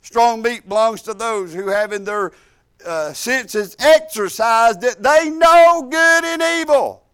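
A man's voice: extremely high pitch, slow pace, a bit bright, smooth. A middle-aged man, preaching a sermon in a church, telling a story with emphatic repetition.

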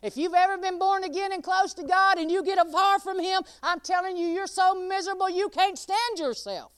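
A woman's voice: very high-pitched, moderate pace, dry recording. A woman preaching a sermon, laughing often and calling out listeners by name.

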